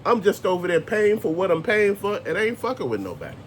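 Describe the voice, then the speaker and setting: Man, high voice, profane ranting commentary, blunt and emphatic, faint rumble behind. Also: very animated, fairly quick. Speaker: host.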